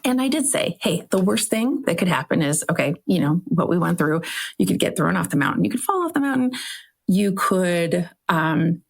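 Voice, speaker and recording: A woman's voice: fairly low pitch, expressive, moderate pace, creaky, husky. A middle-aged woman from Iowa hosting a solo podcast, telling a travel story in a chatty, self-questioning way. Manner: chatty, self-questioning, frequent "right?" tags. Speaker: podcast host.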